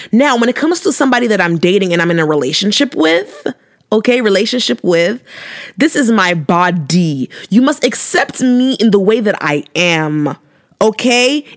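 Young woman giving sassy faith-based advice. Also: on the high side. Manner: preachy and affectionate, repeating phrases for emphasis; sassy and emphatic, asking rhetorical questions. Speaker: advice vlogger answering viewer questions.

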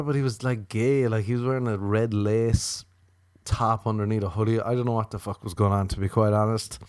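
A man doing a rambling, crude comic monologue, self-mocking, often jumping into high mocking voices to quote people. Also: dry recording, studio quality. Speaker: comedian.

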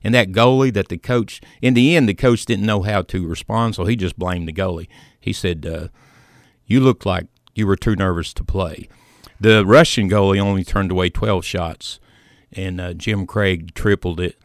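Low-voiced man telling a sports story. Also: dry recording, studio quality. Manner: storytelling, measured, with fillers. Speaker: sports radio host. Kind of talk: casual sports talk.

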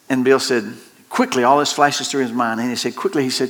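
Folksy pastor preaching. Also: male voice, steady tone, brisk. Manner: folksy storytelling with laughs and shifting pitch. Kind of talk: sermon.

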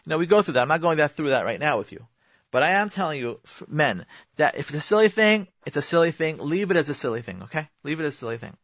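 A man's voice: on the high side, very animated, fast talker, fairly bright tone, no echo. A man hosting a radio advice show, talking emphatically and repeating his points to listeners, with Hebrew religious terms mixed into his speech. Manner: emphatic, repetitive, addresses listeners directly. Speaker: radio host giving marriage advice.

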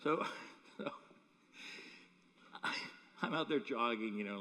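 A man's voice: medium pitch, slow pace, pauses often. A man preaching a sermon as pastor, telling humorous stories with chuckles. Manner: animated, humorous storytelling with chuckles. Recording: echoey hall.

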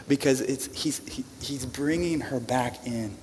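A man's voice: medium pitch, unhurried, a little mellow, a little hiss or hum. A man preaching a sermon to a congregation, talking in a conversational way, repeating words and asking them questions. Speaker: pastor. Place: church in front of a congregation. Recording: long reverb of a large room.

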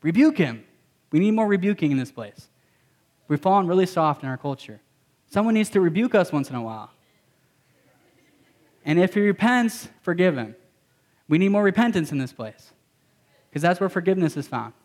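A man's voice: high voice, very animated, moderate pace, pauses often, darkish tone. A man preaching a sermon as a pastor, emphatic and repetitive, mixing in casual slang.

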